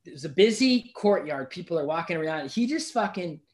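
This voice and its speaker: Animated storyteller man, slightly high voice. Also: a little fast. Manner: animated, swears freely, laughs mid-story, many "you know what I mean" asides. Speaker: podcast guest, psychotherapist. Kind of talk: casual storytelling in conversation.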